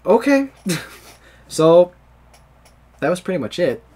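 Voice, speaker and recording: A man's voice: sits high, sing-song, slow, dark tone, breathy edge. A young man from the United States hosting a podcast, rambling in casual chat and laughing often. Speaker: podcast host.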